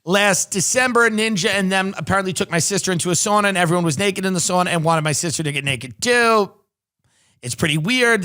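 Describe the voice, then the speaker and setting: A man hosting a podcast, rambling through sardonic comedic commentary with halting restarts. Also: high voice, sharp tone. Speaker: podcast host.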